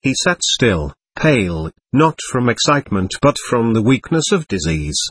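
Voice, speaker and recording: Male narrator for a classic novel, husky voice, lively pitch, dry close sound. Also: unhurried, no echo. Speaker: audiobook reader. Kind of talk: scripted narration.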